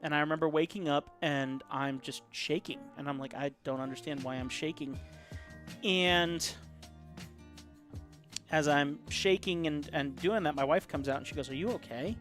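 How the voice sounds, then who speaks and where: A man's voice: a little high, fairly even intonation, moderate pace, a bit bright, soft background music. A man live-streaming his drawing, chatting casually and reading viewer comments aloud in a rambling way. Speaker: caricature artist live-streaming.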